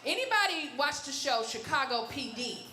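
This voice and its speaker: High-voiced woman comic addressing the crowd. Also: expressive, normal speed. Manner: chatty, addresses crowd as "y'all". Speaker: stand-up comedian. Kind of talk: stand-up set. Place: studio stage before a live audience. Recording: roomy live room with crowd.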